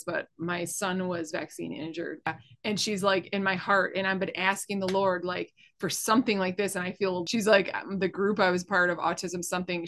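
A woman's voice: on the low side, fairly bright tone. A woman hosting a faith podcast, affirming her guest and leading a spoken prayer in an effusive, heartfelt way. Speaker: podcast host. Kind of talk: casual interview chat and spoken prayer.

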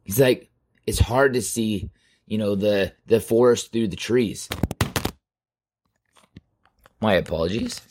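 A man hosting a podcast, telling a story in a casual, profane, animated monologue into a studio microphone. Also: fairly low pitch, measured pace, a little hiss or hum. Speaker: podcast host.

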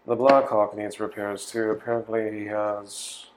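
A man speaking as a player in a tabletop role-playing game, giving measured in-character lines. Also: on the low side, level tone, noisy background.

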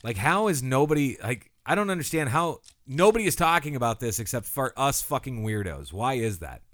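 A man co-hosting a podcast, animated and quick to laugh, swearing casually. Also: mid-range voice, no echo. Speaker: podcast co-host.

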